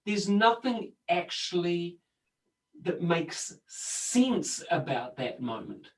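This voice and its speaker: A man co-hosting a casual conversation, telling stories in an animated, rambling way with lots of restarts. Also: high voice, slow, far from the mic, rough recording. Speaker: co-host. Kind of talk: casual conversation about personal growth.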